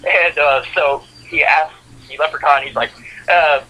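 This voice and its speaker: Bright, husky man recapping casually. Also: a little high, fairly even intonation, measured pace, poor audio. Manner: rambling plot recap with frequent fillers and laughs. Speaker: podcast co-host. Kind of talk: casual chat.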